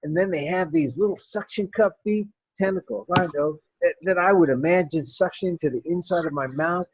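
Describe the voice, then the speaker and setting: A woman telling a personal story in an animated, wry and profane way. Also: fairly low pitch, slightly rough, no room sound, lo-fi sound.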